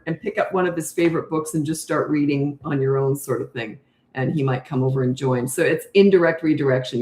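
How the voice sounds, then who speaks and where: Calm and unhurried, an older parenting coach takes live questions from viewers in a low, slow voice. The recording has a roomy sound.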